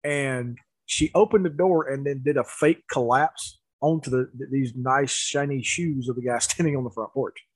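A man telling a story in casual chat, animated, with laughs and restarts. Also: mid-range voice, moderate pace, hardly any pauses, breathy edge, dry recording, low-quality recording.

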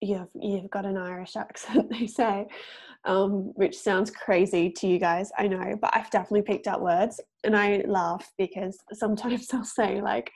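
A woman's voice: medium pitch, fairly even intonation, normal speed, creaky, a little mellow, husky. A woman from Australia with an Australian accent, chatting as an interview guest in a rambling, filler-heavy way. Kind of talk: casual interview chat.

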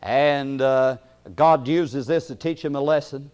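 A man preaching a sermon in a folksy way, chuckling often and hesitating with fillers, then rising into loud emphatic bursts. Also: mid-range voice, fairly even intonation, measured pace, smooth.

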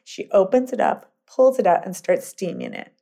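A middle-aged woman entrepreneur telling long stories in a casual interview, rambling and animated, full of fillers and restarts. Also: mid-range voice, normal speed, creaky. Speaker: guest entrepreneur.

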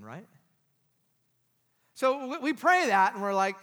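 Male pastor, high bright sermon delivery, emphatic, long hall reverb. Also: lively intonation, slow pace. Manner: emphatic preaching, with tag questions to the congregation.

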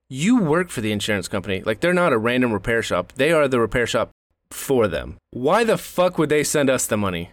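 A man in his thirties hosting a casual podcast, telling an animated, swear-filled rant. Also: mid-range voice, brisk, no room sound. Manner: animated ranting storyteller, swears a lot. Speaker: podcast host.

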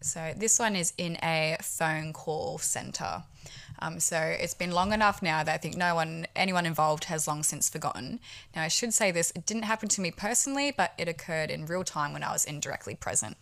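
A young woman co-hosting a casual chat, telling a story in a lively way and laughing often. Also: sits low, normal speed, gravelly. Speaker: guest co-host.

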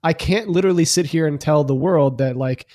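A man's voice: on the high side, fairly quick, warm tone, dry recording, studio quality. A Canadian man in casual chat, hedging and filling his sentences with "like" and "you know.". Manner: hedging, uses many fillers.

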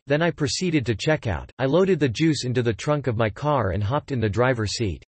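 A man narrating a written story in an even, matter-of-fact way. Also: medium pitch, breathy edge, no echo.

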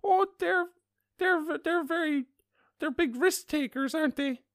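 Man putting on a fluttery old lady, squeaky high and loud, dry close mic. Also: unhurried, dry recording, exaggerated voice. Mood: chatty. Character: very old woman, polite and startled.

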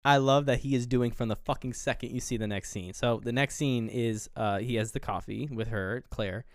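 A man's voice: medium pitch, normal speed, dry recording, clean studio sound. Man casually recapping a movie. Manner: retells scenes, briefly voicing characters; loose, filler-heavy storytelling. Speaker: podcast co-host.

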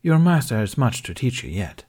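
Man doing dry, gentle middle-aged Jedi master, measured storybook voice. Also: medium pitch, very animated, slightly rough, voice pushed up.

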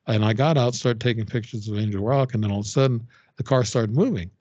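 An older man, a podcast guest and author, telling a personal story in a halting, rambling way with many fillers and restarts. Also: medium pitch, darkish tone, dry recording. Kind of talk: casual storytelling interview. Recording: dull, dry lo-fi audio.

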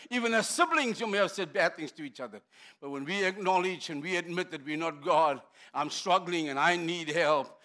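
A middle-aged man preaching a sermon in a high, bright voice. He is impassioned, building to shouts and dropping to hushed, intimate tones. His delivery is forceful and direct. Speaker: pastor.

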